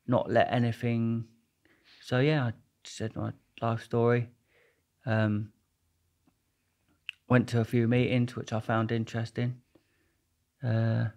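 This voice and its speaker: Brief: male guest, casual storyteller, rambles and jokes, mid-pitched. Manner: rambling, jokey, restarts a lot.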